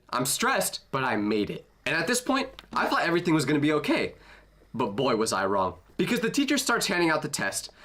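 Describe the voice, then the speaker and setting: Animated young man telling a funny story. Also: on the high side. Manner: animated, self-mocking, punchy jokes. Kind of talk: comedic storytime narration.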